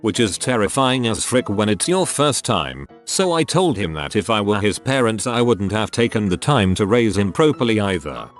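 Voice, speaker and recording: A man reading out comedy stories as a narrator, in a lively storytelling manner. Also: fairly low pitch, normal speed, few pauses, soft background music. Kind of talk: scripted narration.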